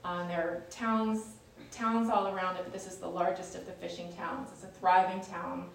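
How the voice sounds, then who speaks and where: A woman's voice: fairly low pitch, flat delivery, moderate pace, vocal fry. A woman leading a Bible study, explaining scripture in a chatty, conversational way with frequent fillers and restarts. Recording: echoey room, distant mic.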